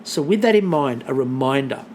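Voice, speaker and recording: Sarcastic man, lively swooping voice. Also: medium pitch, a little fast, slight background noise. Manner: sarcastic, acts out quotes with swooping voice. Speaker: podcast co-host. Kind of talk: casual chat.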